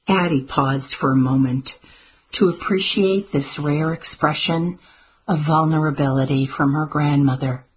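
Low, breathy woman narrating slowly. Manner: calm, measured storytelling. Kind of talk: audiobook narration.

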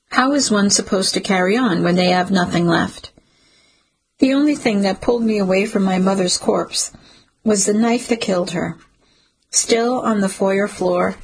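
A woman narrating a dark first-person story in a grave, measured audiobook reading. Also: medium pitch, breathy edge, rough recording.

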